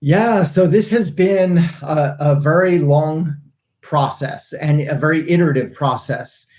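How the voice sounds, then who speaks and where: A man's voice: fairly high pitch, a little slow, a little mellow. Hesitant middle-aged male interview guest. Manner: thoughtful, hesitant, many fillers and restarts. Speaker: guest, agency CEO. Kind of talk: casual interview answers.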